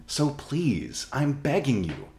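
Casting: a man doing a desperate apologetic ex, lively pitch, echoey room. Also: takes it slowly, soft background music, heavily acted. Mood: pleading. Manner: pleading, apologetic. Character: remorseful broke ex-husband pleading.

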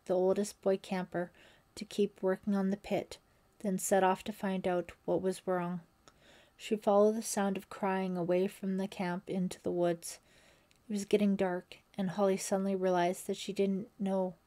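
A woman narrating a thriller audiobook in a steady, suspenseful storytelling manner. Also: medium pitch.

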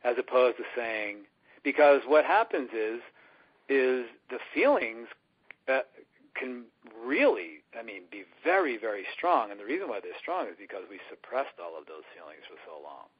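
Husky-voiced man on lo-fi radio. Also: medium pitch, sing-song, moderate pace. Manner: earnest, repetitive, acts out inner voices. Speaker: guest, spiritual teacher. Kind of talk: conversational radio interview. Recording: dull lo-fi radio recording.

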